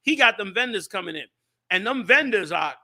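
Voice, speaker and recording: A man hosting a show and talking in a fiery, preachy way, swinging from loud, shouted points to low asides. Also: lively intonation, brisk. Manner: preachy and impassioned, rising to shouts, then dropping low. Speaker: show host and group leader. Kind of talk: fiery casual talk.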